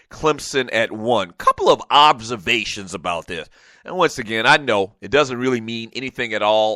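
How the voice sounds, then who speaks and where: Male talk-show host, bright forceful voice, dry close sound, animated with mock-outrage. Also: mid-range voice, no room sound. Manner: animated, mock-outraged bursts, loud exclamations. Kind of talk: casual sports talk show.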